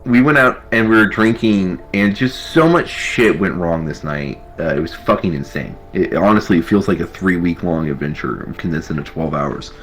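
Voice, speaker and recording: Deep-voiced man telling a profane war story. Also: moderate pace, few pauses, soft background music, poor audio. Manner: rambling, profane, full of fillers. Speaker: army veteran telling his story. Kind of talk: casual storytelling.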